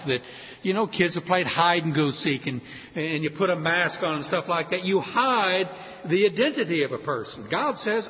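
A man preaching a sermon, animated and acting out quoted voices. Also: high voice, moderate pace. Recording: muffled hall with long reverb.

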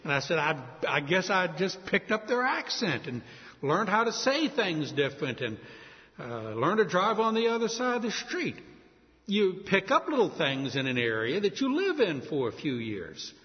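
A man delivers an expository sermon, walking through scripture with friendly, conversational asides. His voice sits a bit high and moves animatedly up and down. The sound is dull and lo-fi, with a long reverb trailing off as if in a large hall. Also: very animated, normal speed. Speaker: preacher.

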